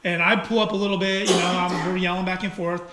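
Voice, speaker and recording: A man in casual chat, telling a heated story in an animated, profane way. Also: high-pitched, fast talker, a loud crowd. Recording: echoey room, faint noise.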